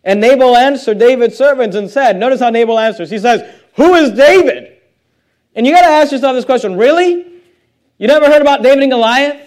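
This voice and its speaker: A man's voice: extremely high pitch, fast, hardly any pauses, darkish tone. A man preaching a sermon in a conversational way, reading scripture aloud and putting questions to the congregation.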